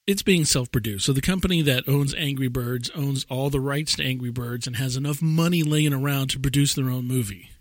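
A man's voice: medium pitch, brisk, few pauses, no echo, studio quality. A man co-hosting a podcast, rambling casually and laughing often as he tells stories. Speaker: podcast co-host.

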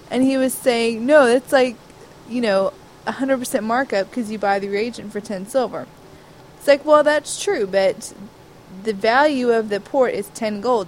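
A woman's voice: fairly high pitch, slight background noise, poor audio. A woman in casual chat, explaining her ideas in a matter-of-fact way.

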